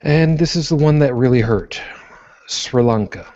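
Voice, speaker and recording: A man's voice: medium pitch, moderate pace, warm tone, muffled recording. A man co-hosting a podcast in casual chat, self-deprecating and apologetic. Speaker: podcast co-host.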